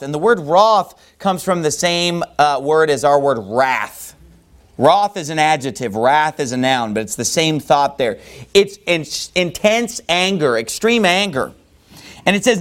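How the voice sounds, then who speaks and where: A male pastor with a high-pitched voice works through a Bible passage verse by verse. He keeps his delivery casual and chatty, with frequent "you know"s between points. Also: expressive, measured pace. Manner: conversational, with many filler "you know"s. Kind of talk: expository sermon on a Bible passage.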